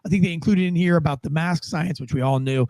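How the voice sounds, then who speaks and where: A man with a high voice hosts a podcast and rambles through the news in loose, profane chat. His tone is animated and his swearing comes easily. The sound is dry and close, with no room in it. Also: fast, no echo. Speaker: podcast host. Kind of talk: casual political commentary.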